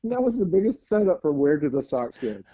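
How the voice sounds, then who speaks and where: A man's voice: on the high side, fairly quick, dry recording, highs cut off. A man from Alabama with a Southern accent, chatting animatedly and joking as a guest on his brother's podcast. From Alabama, USA. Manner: animated, effusive, jumps in with jokes. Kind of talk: casual podcast chat. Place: at home.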